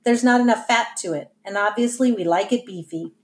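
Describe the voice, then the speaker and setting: A woman's voice: mid-range voice, a little fast, natural voice. A woman voicing an eager, friendly teenage boy musician who explains things in an upbeat, earnest way.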